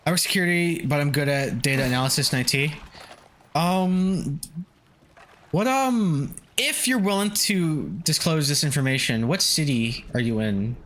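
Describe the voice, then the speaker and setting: A young man streaming a video game, chatting with viewers, swearing and yelling at the game in between. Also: fairly high pitch, moderate pace. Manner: animated, swears and yelps at the game, laughs often. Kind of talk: casual gameplay livestream chat.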